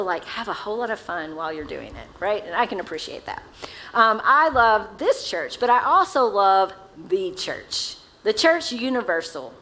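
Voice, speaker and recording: A woman's voice: mid-range voice, fairly bright tone, low-quality recording. A woman pastor with a Southern accent, preaching a sermon in a casual, conversational way and asking the congregation questions. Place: church sanctuary.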